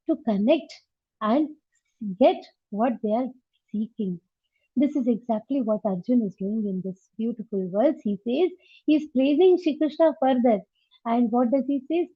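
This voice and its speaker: A woman's voice: a little high, slightly rough, no echo. Indian woman teaching scripture over a tinny line. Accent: Indian English. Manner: emphatic, repeats points, asks rhetorical questions. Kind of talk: devotional scripture class. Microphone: online class over a call. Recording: tinny phone-like line, dry.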